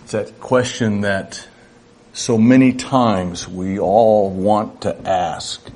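A man's voice: on the low side, fairly even intonation, takes it slowly, darkish tone. A middle-aged man preaching a sermon in an earnest, conversational way, acting out little dialogues. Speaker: pastor.

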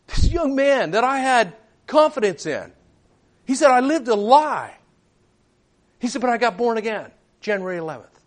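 Animated high-voiced male preacher. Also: normal speed. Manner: animated, retells dialogue in quoted voices. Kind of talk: sermon storytelling.

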